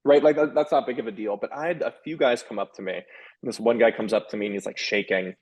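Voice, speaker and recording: Frank, animated man talking candidly. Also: medium pitch, breathy edge, highs cut off. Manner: animated, frank, quick restarts and "like" fillers. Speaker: author and sex columnist, guest. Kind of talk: candid conversational interview.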